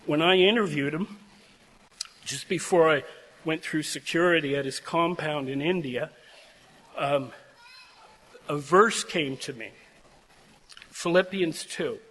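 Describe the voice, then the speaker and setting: A man's voice: on the high side, takes it slowly, long pauses, a bit bright. An older man giving a heartfelt, emotional address to seminary graduates, telling personal stories in an earnest way. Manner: heartfelt, emotional, prone to tearing up. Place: large chapel. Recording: long chapel reverb.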